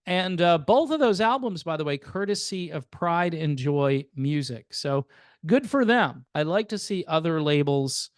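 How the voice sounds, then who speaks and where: High-voiced older man, rambling music talk. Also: lively intonation, a little slow, dry recording, clean studio sound. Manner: rambling, sardonic, chatty with fillers. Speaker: music channel host. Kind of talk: casual music commentary.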